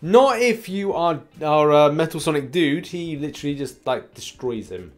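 A man's voice: a little high, animated, moderate pace, hardly any pauses. Chatty man hosting gaming news. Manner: chatty, rambling, laughs often. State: slight cough. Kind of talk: casual gaming news commentary.

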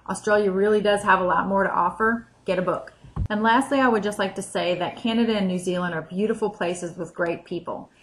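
A woman's voice: medium pitch, low-quality recording. American woman vlogger, dry and sarcastic, scripted comedy list. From United States. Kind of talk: scripted comic vlog list.

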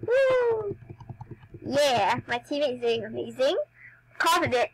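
Expressive and fairly high-pitched, a young woman talks at normal speed with a fairly bright tone as she plays a dance game for her channel. Chatty, giggly, and self-mocking, she's slightly sick and coughing. The low-quality recording carries a little hiss or hum.

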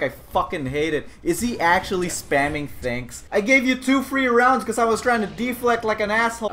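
A man giving loud, excitable commentary over his own gameplay, laughing and shouting often. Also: high voice, a little fast, hardly any pauses, a little hiss or hum. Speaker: gaming streamer.

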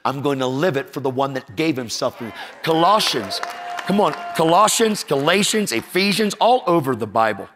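A middle-aged man preaches with restless energy, slipping into the voices of the people in his story and teasing his listeners. His voice sits a little high for a man. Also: moderate pace, a little hiss or hum. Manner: energetic, acts out quoted voices, jokes with the audience. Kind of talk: storytelling sermon.

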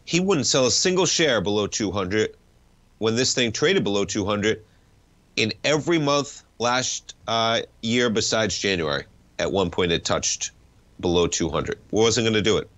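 Male market-show host, stuffed up, lowish voice, loose wry commentary. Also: animated, unhurried, a bit bright. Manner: conversational, wry, rambling asides. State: stuffed-up nose. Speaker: financial talk show host.

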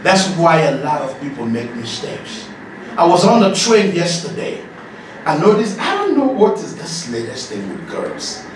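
A man giving an animated, joking masterclass as a leadership coach, often laughing and shouting. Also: a little high, measured pace. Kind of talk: lively masterclass talk to an audience. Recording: echoey hall, distant mic, noisy.

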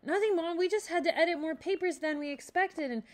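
A woman's voice: very high voice, brisk, voice pushed up. A woman voicing a polite, easygoing teenage boy fox who talks casually. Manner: casual, apologetic.

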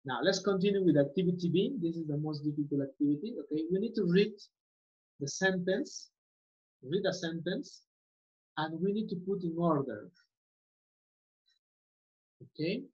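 A woman's voice: on the low side, normal speed, pauses often, dark tone. A woman English teacher giving a class, repeating words and often asking "okay?" to check understanding. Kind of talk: online class instruction. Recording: muffled lo-fi audio.

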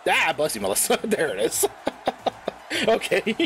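A man's voice: sits high, huge pitch swings, unhurried, a bit bright, slight background noise. A man hosting and commenting on a live-streamed wrestling show, rambling and laughing often at himself. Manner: giggly, rambling, self-deprecating, laughs often.

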